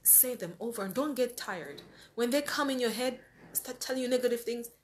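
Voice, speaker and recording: A woman's voice: fairly high pitch, moderate pace. A woman giving an earnest, conversational motivational talk rooted in faith, repeating phrases for emphasis. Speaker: life-planning speaker.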